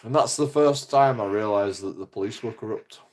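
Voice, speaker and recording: A man's voice: on the low side, a little fast. Swearing man in his thirties. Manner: swearing heavily, animated, indignant. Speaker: channel host. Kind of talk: casual storytelling.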